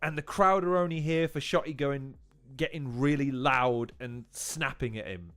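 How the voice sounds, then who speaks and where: A man's voice: mid-range voice, normal speed, a bit bright, clean tone. A man hosting a watch-along who reacts to a battle rap video with exclamatory asides and casual analysis.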